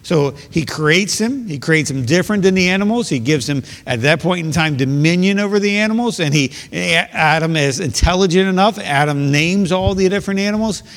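A pastor delivering an earnest sermon, his voice sitting a little high for a man. He reads verses and poses rhetorical questions to the congregation. The sound carries a long reverb tail, as in a large church hall. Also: animated, a little fast, few pauses. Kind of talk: sermon with scripture reading.

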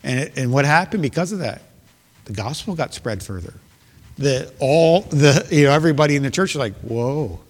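A man preaching a sermon as pastor, earnest and emphatic, repeating key phrases for stress. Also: medium pitch. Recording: long hall reverb.

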